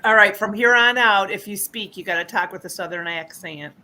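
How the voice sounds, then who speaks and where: A woman's voice: medium pitch, fairly quick, sharp tone. A woman hosting a casual group video chat, teasing her friends and laughing often. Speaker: host.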